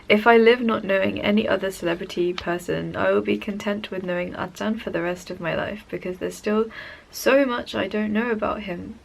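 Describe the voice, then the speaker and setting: A woman's voice: mid-range voice, creaky, slight background noise, rough recording. A young woman talking in a personal diary vlog, gushing and emotional as she rambles about a musician she adores. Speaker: fan vlogger.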